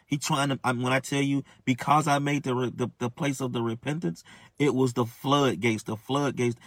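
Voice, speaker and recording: A man telling his testimony in an emotional, halting way, repeating phrases and stumbling through restarts. His voice is mid-pitched for a man. It is recorded dry and close, with no room echo. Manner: halting, repetitive, many restarts and stammers. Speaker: man giving a personal testimony.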